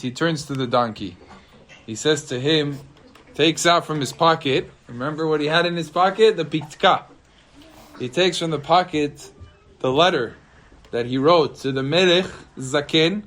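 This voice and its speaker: A rabbi tells a tale with lively drama, his voice rising and dropping sharply as the story builds. His voice sits a little higher than most men's. He speaks like a storyteller holding a room's attention. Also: moderate pace. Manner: animated, dramatic swings of pitch and loudness.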